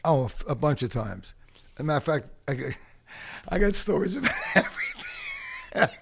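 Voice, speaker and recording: A man from the Bronx, guesting on a podcast and telling animated, profane stories. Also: fairly high pitch, normal speed, creaky, breathy edge. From the Bronx, New York. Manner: animated, profane raconteur who acts out the people in his stories. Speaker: podcast guest, punk rock singer. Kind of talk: casual storytelling interview.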